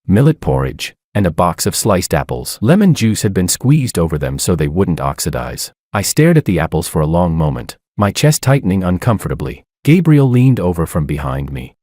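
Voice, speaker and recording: Casting: male story narrator, cool and detached, very low voice, dry close mic. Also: sing-song, moderate pace, hardly any pauses, a little mellow, no echo. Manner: cool, detached first-person telling. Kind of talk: scripted dramatic narration.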